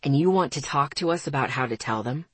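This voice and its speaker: A woman voicing a gentle, protective young man with a rich baritone, speaking in soft, low mumbles. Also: expressive, fast talker, slightly rough, dry recording, heavily acted. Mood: matter-of-fact.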